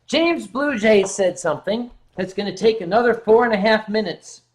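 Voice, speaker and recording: A man's voice: sits high, expressive, normal speed. Playful, swearing male livestream host. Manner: playful, joking, swears freely. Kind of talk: casual late-night livestream chat. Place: home sofa.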